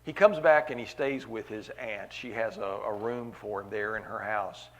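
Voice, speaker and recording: A man's voice: fairly low pitch, moderate pace. A man preaching a sermon at a church meeting, earnest, repeating key phrases for weight.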